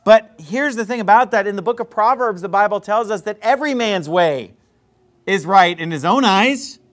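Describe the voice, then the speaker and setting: A man's voice: high voice, expressive, moderate pace. A man preaching a sermon, plain-spoken and blunt, acting out both sides of a conversation as he tells a story. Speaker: pastor.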